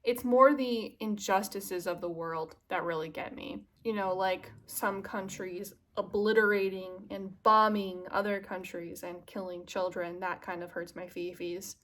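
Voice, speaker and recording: A woman's voice: mid-range voice, steady tone, unhurried, few pauses, fairly bright tone. A young woman vlogger chatting casually to the camera, confiding and self-mocking, drifting into earnest musing.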